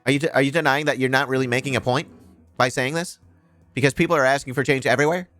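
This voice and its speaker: A man's voice: medium pitch, fairly even intonation, fairly bright tone, faint music behind, voice pushed up, close to an everyday voice. A man doing a jeering, mocking impression of a pushy male TV interviewer. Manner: rapid-fire, exasperated, jeering. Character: smug male TV interviewer, mocked and badgering. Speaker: streamer.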